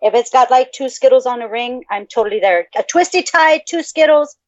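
A woman's voice: high voice, lively intonation, brisk, dry recording. A woman co-hosting a podcast in casual chat, swearing freely and laughing often. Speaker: podcast co-host. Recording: dull lo-fi audio.

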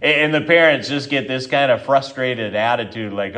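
A man's voice: medium pitch, takes it slowly, a bit bright. A middle-aged man, a pastor, preaching a conversational sermon that closes in prayer.

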